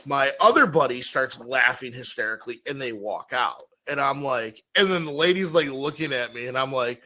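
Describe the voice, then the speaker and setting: Bright-voiced rambling male podcaster. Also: medium pitch, moderate pace. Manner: rambling storyteller, lots of fillers. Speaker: podcast co-host. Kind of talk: casual chat.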